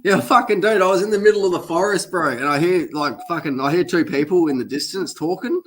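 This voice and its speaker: A man's voice: high-pitched, brisk. A man with an Australian accent telling stories in a casual chat, swearing heavily and calling his mate bro. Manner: animated storyteller, heavy swearing, says bro. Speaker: guest.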